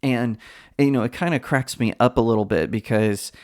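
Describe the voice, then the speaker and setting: A man's voice: mid-range voice, moderate pace, a little mellow. A man hosting a pop culture commentary channel, talking in a chatty, opinionated way with frequent fillers.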